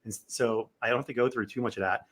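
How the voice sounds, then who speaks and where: A man's voice: medium pitch, steady tone, fairly bright tone. An American man co-hosting a casual podcast, chatty and joking as he asks questions. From United States. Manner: jokey, chatty, quick. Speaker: podcast co-host.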